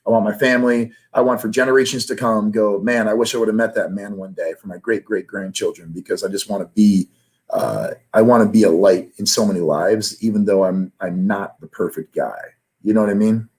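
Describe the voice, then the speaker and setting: A man's voice: on the low side, brisk, a little mellow. A man as an interview guest, talking earnestly and emotionally about his life, his voice rising when he is moved. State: emotional, near tears. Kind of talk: candid personal interview.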